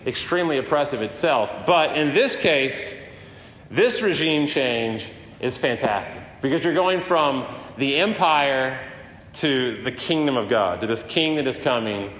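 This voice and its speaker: A man giving a sermon in a casual, conversational way, with many fillers and restarts. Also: a bit bright. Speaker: preacher. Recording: roomy hall with long reverb, faint rumble.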